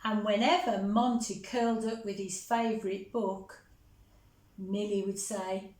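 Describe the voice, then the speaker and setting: A woman reading a picture book aloud to children, gently chatting with them between pages. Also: mid-range voice, fairly even intonation, slow. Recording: roomy echo.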